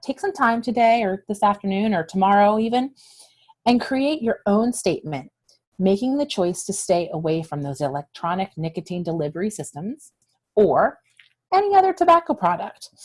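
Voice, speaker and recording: Woman health educator, friendly, encouraging, addresses kids directly, mid-pitched voice. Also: darkish tone. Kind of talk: scripted lesson to young viewers.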